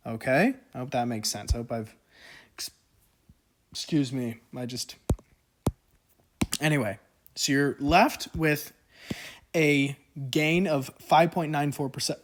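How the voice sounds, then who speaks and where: A man casually teaching an economics lesson, chatty with joking asides and lots of fillers, working through the math and pausing now and then with hiccups. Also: medium pitch, a little hiss or hum. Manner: slow deliberate explaining. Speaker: economics tutor.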